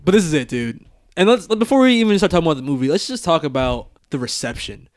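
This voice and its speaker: A young man hosting a casual podcast chat, playful and quick to laugh. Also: a little high, dry recording, studio quality. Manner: laughs often, animated and playful. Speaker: podcast host.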